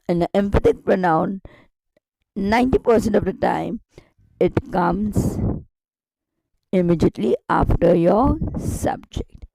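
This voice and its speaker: Woman doing a grammar lesson, slightly gravelly, keeps repeating and asking the class questions. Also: medium pitch, animated, slow, long pauses, dark tone, no echo, low-quality recording. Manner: repetitive, emphatic explaining with rhetorical questions. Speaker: grammar teacher.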